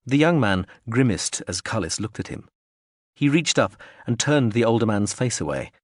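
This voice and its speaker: A man reads a science-fiction audiobook aloud, telling the story in a measured, expressive way. His pitch is medium, and the scripted narration was captured as clean studio sound with no echo.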